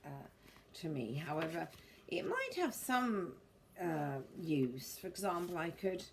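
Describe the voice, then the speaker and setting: Fairly low, sing-song and unhurried with vocal fry, a middle-aged vlogger rambles through her book collection. She wanders, stays a touch prim, self-corrects, and speaks in formal turns of phrase, with slight noise behind her.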